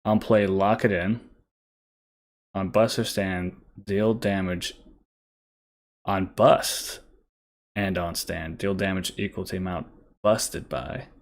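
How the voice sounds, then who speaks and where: A man's voice: low voice, fairly even intonation, slow, long pauses. A young man streaming a card game, thinking aloud and reading card text with many fillers. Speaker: gaming streamer. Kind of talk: casual gameplay commentary.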